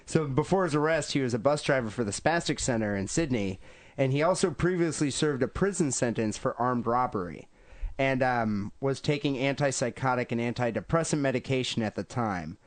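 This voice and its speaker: A man's voice: mid-range voice, animated, a little fast. Irreverent man co-hosting a casual podcast. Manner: joking, irreverent. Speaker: podcast co-host. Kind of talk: casual chat, retelling a news story.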